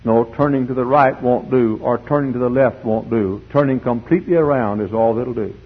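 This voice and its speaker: Man, preacher, fiery sermon, husky, hushed to shouting, dull lo-fi tape recording. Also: medium pitch, a little fast. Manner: swings from hushed pleading to shouting. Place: church.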